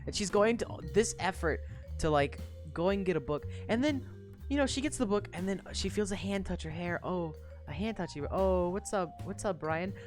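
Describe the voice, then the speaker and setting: A woman's voice: on the low side, lively intonation, moderate pace, a little mellow, soft background music. A young woman streamer casually recapping a story, swearing freely, giggling and rambling with lots of fillers. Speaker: streamer discussing a web serial.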